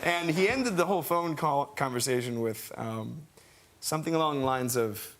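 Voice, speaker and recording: A man in his thirties, a guest on a television talk show, telling an excited, rambling story with many restarts. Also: medium pitch, brisk, slight background noise. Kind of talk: casual anecdote. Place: television studio.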